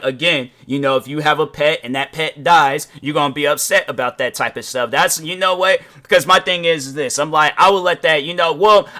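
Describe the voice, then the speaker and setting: Man, advice podcast host, rambling, self-correcting, playful petty storyteller, raised pitch, forceful tone.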